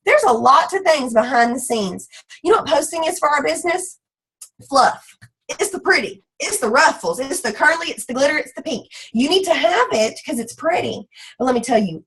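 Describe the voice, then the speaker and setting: A woman with a twang leads a motivational team call, her voice somewhat husky and pitched a little high. She talks in an energetic, folksy way, full of pep and homespun sayings. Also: poor audio. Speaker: team leader.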